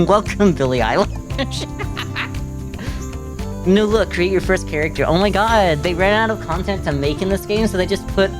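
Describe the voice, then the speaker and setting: A man's voice: high-pitched, expressive, measured pace, pauses often, music in the background. A man streaming a video game, talking casually, rambling and joking with frequent giggles.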